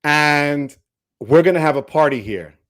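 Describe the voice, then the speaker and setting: A man's voice: on the high side, animated, a little slow, fairly bright tone. A man in his fifties hosting a casual livestream chat, playful and teasing, dropping Spanish words into his talk. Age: 50s. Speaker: host.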